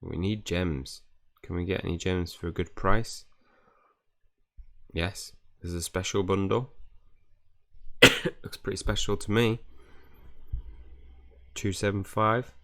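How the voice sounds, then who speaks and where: A man's voice: sits low, fairly even intonation, slow, long pauses, fairly bright tone. A man reading game dialogue aloud in a playthrough, loose and offhand.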